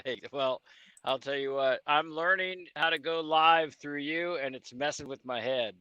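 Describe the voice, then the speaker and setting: Laughing rambling trucker guest from Indiana. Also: male voice, a little high, normal speed, pushed and bright, smooth, no echo. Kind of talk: casual livestream chat. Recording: dull dry stream audio.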